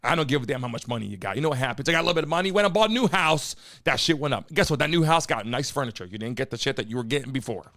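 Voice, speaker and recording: A man hosting a live show from a studio, talking to his chat in a loud, hyped way and swearing freely. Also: medium pitch, rapid-fire, hardly any pauses, no echo. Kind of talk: energetic live-stream talk to chat.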